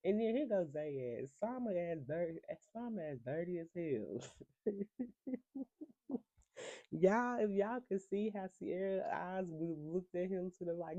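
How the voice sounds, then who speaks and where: Gravelly gossipy recap voice, super dark and dry, cussing and cackling a lot. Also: mid-range voice, expressive, measured pace, dry recording, lo-fi sound. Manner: profane, sassy, laughs often. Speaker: reality TV recap reviewer.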